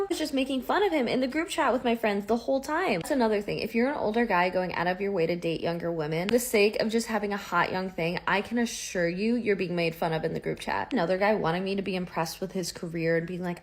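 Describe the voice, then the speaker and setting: A woman's voice: medium pitch, expressive, brisk, few pauses. A woman in her twenties giving a blunt, mocking talking-head monologue.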